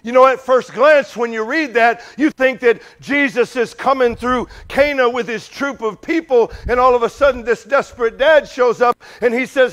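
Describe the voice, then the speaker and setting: Talking to his congregation conversationally and posing many questions, a preacher swings from loud urgent bursts to quiet asides. His pitch is extremely high, his speed normal, with few pauses.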